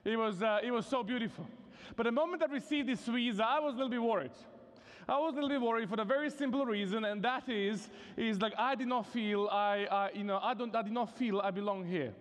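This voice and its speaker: Speaking very fast in a very high voice, this guest preacher from Serbia carries a Serbian accent. He delivers his vespers sermon in a chapel hall at a university, chatty and humorous with plenty of fillers, while the big space adds long reverb.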